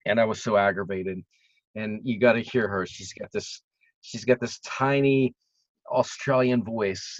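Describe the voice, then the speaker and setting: Animated male vocal coach, lo-fi. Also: lowish voice, dry recording. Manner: animated, bursts of excitement. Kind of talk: storytelling in casual chat. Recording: dry, dull lo-fi sound.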